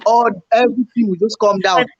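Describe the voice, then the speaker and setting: Animated man, high voice, lo-fi recording. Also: brisk, slightly rough. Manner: animated, acts out his own panicked past remarks, repeats himself. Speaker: YouTuber co-host. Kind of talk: casual storytelling chat. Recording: slightly dull lo-fi home recording.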